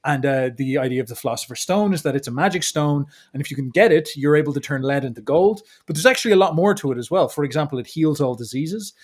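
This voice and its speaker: Animated man, higher-pitched voice. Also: fast talker, few pauses. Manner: animated, acts out quotes of others. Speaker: podcast guest. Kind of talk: casual conversational monologue.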